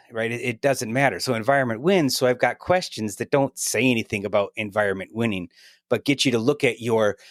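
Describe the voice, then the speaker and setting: A middle-aged man talking as a guest in a casual podcast conversation, energetic and chatty, often tagging his points with "right?". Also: on the low side, no echo, clean studio sound.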